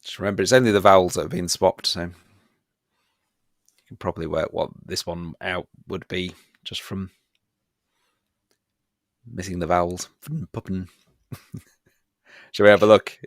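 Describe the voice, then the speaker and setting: A man with a very low voice leads a live online revision quiz for students. He is playful and pokes fun at himself, and his voice sounds dry and close. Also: steady tone, measured pace, pauses often, no room sound. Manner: playful and self-mocking, chuckles often. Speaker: history teacher.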